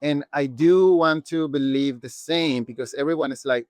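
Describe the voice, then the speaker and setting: A man's voice: a little high, normal speed, no room sound. A man hosting a street interview podcast, affectionate and encouraging, calling his guest darling. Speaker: podcast host.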